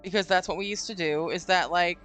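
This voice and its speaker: Woman, host, casual story, animated, swears, faint background music. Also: lowish voice, a little fast. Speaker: streamer host. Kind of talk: casual chat, telling a story. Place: home stream room. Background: faint spooky music.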